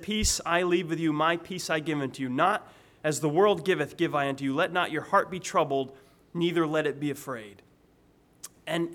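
A man's voice: a little high, a bit bright. A man preaching a sermon in a conversational way, often repeating a word as he restarts a phrase.

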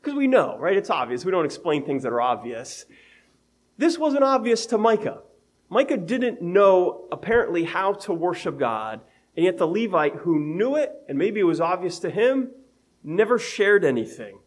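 A man's voice: high voice, big pitch swings, moderate pace. A man preaching an evening sermon in a conversational way, reading scripture aloud and laughing at his own everyday examples.

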